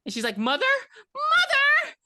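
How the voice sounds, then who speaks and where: A man's voice: high voice, expressive, brisk, pushed and bright. A man co-hosting a podcast, recapping a horror film in a blunt, joking way and swearing freely. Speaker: podcast co-host.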